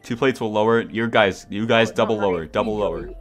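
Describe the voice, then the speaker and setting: A man's voice: on the low side, fairly quick, faint music behind. A man streaming a game with friends, talking casually and often cheering and laughing. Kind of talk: casual gaming chat with friends.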